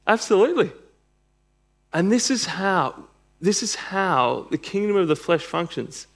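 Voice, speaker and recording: A male preacher delivering a sermon, reading scripture and then pressing his points with emphatic bursts. His voice sits slightly higher than most men's and carries a steady earnestness. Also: measured pace.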